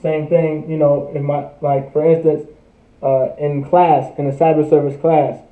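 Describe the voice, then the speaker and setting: A man's voice: fairly high pitch, level tone, a little slow. A young man teaching a livestreamed language class, repeating words over and over in a casual, conversational way. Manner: repetitive drilling, casual conversational asides. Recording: tinny phone-like audio in an echoey room.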